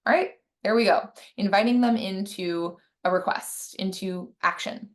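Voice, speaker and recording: A woman's voice: medium pitch, a little slow. A woman relationship coach teaching casually, with a conversational manner, many fillers and frequent tag questions.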